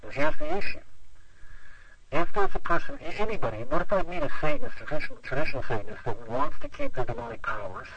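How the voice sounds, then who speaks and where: A man's voice: on the high side, big pitch swings, fast, gravelly, crowd noise, rough recording. A man who is a pastor, telling a long story in an interview, rambling with lots of "you know" fillers. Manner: rambling, full of 'you know' fillers.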